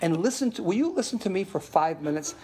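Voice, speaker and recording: An older man preaching a sermon to his congregation, telling stories with chatty asides and frequent laughs, dropping to murmurs and rising to loud exclaims. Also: fast, crowd noise. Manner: animated storytelling, swings from low murmurs to loud exclaims. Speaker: pastor.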